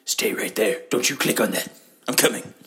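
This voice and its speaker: A man's voice: fairly low pitch, moderate pace, a bit bright, whispered, natural voice. A man voicing an urgent, commanding male sponsor on his way to help a friend. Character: gruff male sponsor coming to the rescue.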